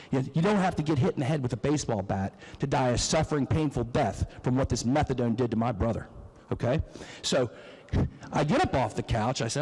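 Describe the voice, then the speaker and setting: A man's voice: medium pitch, a little mellow, husky. A middle-aged man, giving an emotional, emphatic floor speech as a state legislator and telling a personal story. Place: legislative chamber. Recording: long reverb of a legislative chamber.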